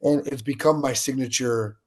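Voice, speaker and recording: This speaker is a man from the US appearing as an interview guest, speaking at a normal speed in a mid-range voice. He's an animated storyteller who performs the quoted lines of the people in his anecdotes.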